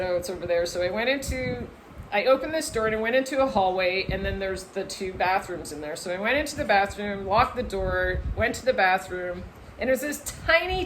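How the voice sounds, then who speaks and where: A woman vlogger telling a personal story to camera in a casual, animated way, full of "like" and acted-out voices. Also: mid-range voice, a little hiss or hum, poor audio. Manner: animated, lots of "like", acts out voices in her story.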